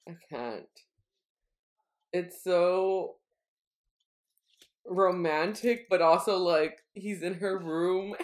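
A woman co-hosting a podcast, chatting casually about a book, animated and laughing, reading passages aloud. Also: medium pitch, roomy sound. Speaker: podcast co-host. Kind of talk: casual book-discussion chat.

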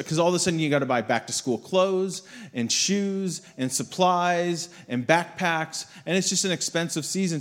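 A young adult man as a guest speaker, giving a conversational sermon built on a personal story and acting out quotes in a church hall. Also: fairly high pitch.

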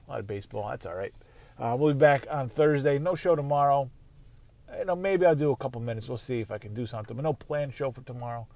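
A man's voice: medium pitch, darkish tone, dry recording. A man hosting a casual solo sports podcast, rambling and swearing freely. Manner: rambling, profane, conversational. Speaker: podcast host.

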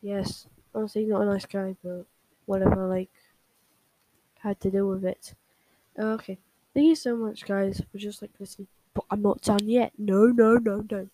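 A woman's voice: medium pitch, flat delivery, moderate pace, dark tone, poor audio. A young woman talking casually to her viewers and rambling with many fillers and restarts. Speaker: fan video host. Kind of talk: casual talk and reading fan fiction aloud.

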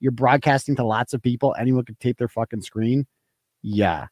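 A man's voice: medium pitch, normal speed, a little mellow, dry recording, studio quality. A man hosting a live-stream commentary, ranting in a combative, profane way. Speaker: host.

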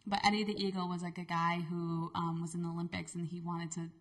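A woman's voice: on the low side, level tone, quick pace. A young woman from Buffalo, New York, with a Buffalo accent and a nasal voice, co-hosting a podcast in casual chat full of swearing and "like". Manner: nasal, swears freely, fillers like "like". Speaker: podcast co-host.

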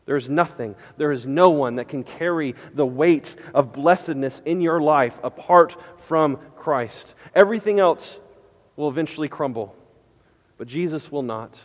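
A man preaching a sermon as pastor, impassioned, moving from loud declarations to hushed pleading. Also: a little high, normal speed, long reverb tail. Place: church sanctuary.

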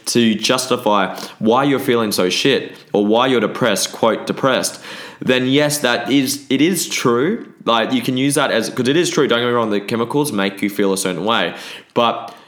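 A man's voice: medium pitch, normal speed, a bit bright. A man, hosting a podcast and talking bluntly in a casual monologue, often swearing. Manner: blunt and frequently swearing, with restarts. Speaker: podcast host.

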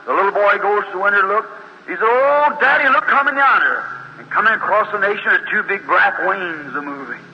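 A high-voiced, fast-talking man preaches a fiery revival sermon, acting out the voices in his story and rising to high, urgent exclamations. The recording is dull and lo-fi, with a long hall reverb and faint hiss.

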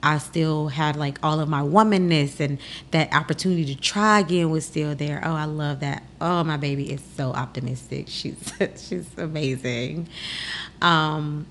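Low gravelly woman telling a personal story. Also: a little slow, a little hiss or hum. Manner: animated, acts out the voices of people in her story. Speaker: podcast host.

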